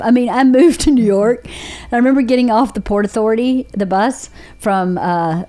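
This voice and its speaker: A woman's voice: fairly high pitch, normal speed, dark tone. A woman from Georgia with a Southern accent, hosting a podcast and telling her own story in a candid, rambling way, with restarts. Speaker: podcast host. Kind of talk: casual chat.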